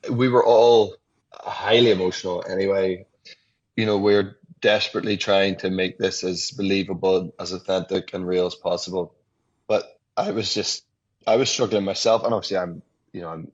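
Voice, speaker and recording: A man in his forties, a guest actor in a casual radio conversation, reflective and quick to laugh. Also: deep voice, husky, highs cut off. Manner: reflective, laughs often, many restarts.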